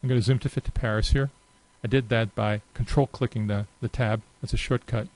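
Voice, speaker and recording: Man casually narrating a software demo. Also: medium pitch, steady tone, rough recording. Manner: casual and unhurried, many filler pauses. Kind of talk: unscripted screen-share walkthrough.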